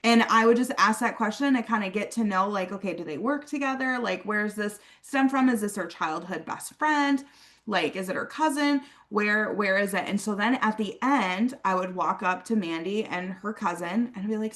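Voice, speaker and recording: A young adult woman leading a casual sales training talk. She keeps checking in with "okay?", and she acts out sample conversations in a brighter, livelier voice. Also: medium pitch, moderate pace. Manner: chatty, peppers talk with "okay?" and "like". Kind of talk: casual coaching talk on a team call.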